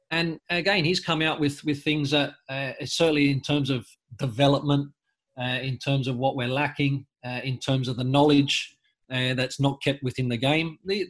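Speaking with a slightly high, somewhat bright voice, this ex-footballer from Australia guests on a podcast interview. He comes across as earnest, frequently starting sentences over and filling gaps with lots of fillers.

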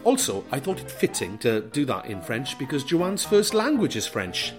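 A man's voice: medium pitch, big pitch swings, normal speed, music in the background. A man co-hosting a podcast, chatting with a guest and wrapping up the show over a call. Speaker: podcast co-host. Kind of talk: casual podcast chat.

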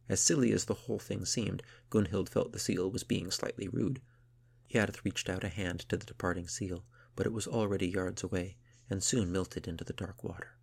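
A man narrating a storybook in a slow, measured, soft reading voice. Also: low voice, fairly even intonation, creaky, slightly rough.

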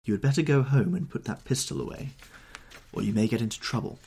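A man voicing a cool, stern young gentleman who speaks in a commanding way. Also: mid-range voice, fast talker, creaky, slightly rough, pitched above the performer's own voice.

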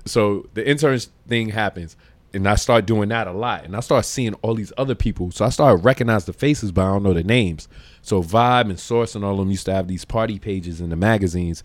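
A man, a podcast guest telling slangy, animated stories and laughing often. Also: fairly low pitch, brisk, dry recording. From Brooklyn, New York. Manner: animated, slangy storyteller who acts out quotes and laughs often. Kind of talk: casual storytelling interview.

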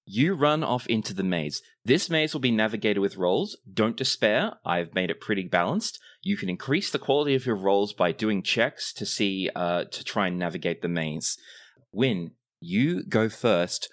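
A man running a tabletop game as game master, narrating scenes in a measured, descriptive way. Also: lowish voice, lively intonation.

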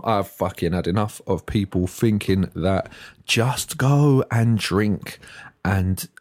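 A man's voice: medium pitch, darkish tone, dry recording, clean studio sound. A man, hosting a solo podcast rant, swearing freely and stuttering when worked up. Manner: swearing, exasperated, slangy. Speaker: podcast host.

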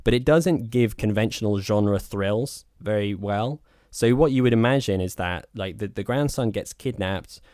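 A man with a lowish voice chats through a film review, blunt and opinionated, piling up loose asides as he goes. The sound is close and dry, with no room around it. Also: normal speed, few pauses, darkish tone, no room sound. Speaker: podcast co-host. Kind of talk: casual film review chat.

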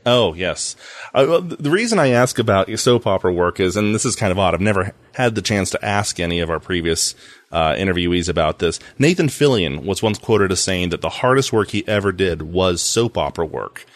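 Very deep-voiced joking male host. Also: animated, fairly quick, dry recording. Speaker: podcast host. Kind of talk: casual interview chat.

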